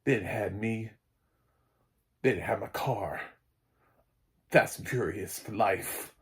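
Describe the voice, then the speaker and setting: A man voicing a tough teenage boy with a very low voice, in a slow, gruff drawl. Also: full character voice. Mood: boastful.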